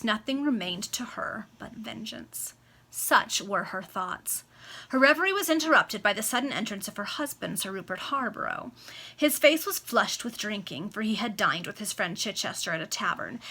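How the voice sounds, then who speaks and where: A woman reading a classic novel aloud in a measured, expressive way, in an amateur reading over a video call. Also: a little high. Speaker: reader. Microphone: home webcam video call.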